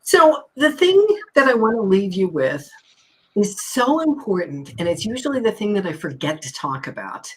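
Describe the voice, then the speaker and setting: A woman's voice: mid-range voice, big pitch swings, normal speed, breathy edge. A woman coach on a live stream, upbeat and teacherly, repeating key words for emphasis. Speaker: anxiety coach and hypnotist.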